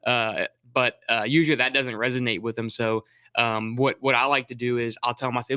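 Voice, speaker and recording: A man's voice: medium pitch, steady tone, brisk, pushed and bright, clear, resonant tone, no echo. A man who teaches new shooters, chatting casually about his drills with lots of fillers and restarts. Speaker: firearms instructor. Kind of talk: casual explanatory chat.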